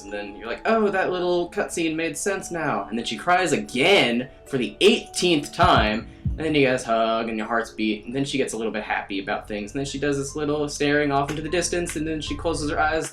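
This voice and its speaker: Young male host, mid-pitched, rambling sarcastic game recap over faint music. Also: a bit bright. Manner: rambling, sarcastic, crude, with fillers. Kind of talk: casual game recap commentary.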